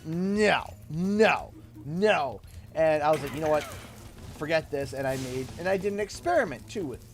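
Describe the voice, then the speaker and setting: Animated man streaming, faint music behind. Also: fairly high pitch. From Canada. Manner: animated, laughs a lot, reads donations aloud. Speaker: livestream host. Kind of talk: casual gaming livestream chat.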